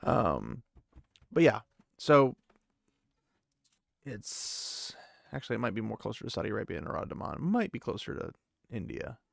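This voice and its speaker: A man's voice: on the low side, sing-song, normal speed, creaky, long pauses, dry recording, clean studio sound. A man hosting a podcast, recapping a book chapter casually, rambling and thinking aloud with many fillers. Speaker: podcast host.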